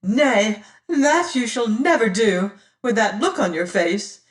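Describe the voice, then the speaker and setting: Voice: mid-range voice, slow, a little mellow, echoey room, voice pushed up, natural voice. A reader voicing a proud young woman pleading through tears in an audiobook. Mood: anguished. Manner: pleading, breaking into sobs and whispers. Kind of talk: audiobook character reading.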